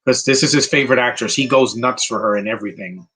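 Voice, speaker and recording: This casual live commentary features a man griping his way through a film, blunt and opinionated, stumbling over fillers and restarting his thoughts. He talks fast at a medium pitch in a bright, faintly husky voice. Audio quality is poor.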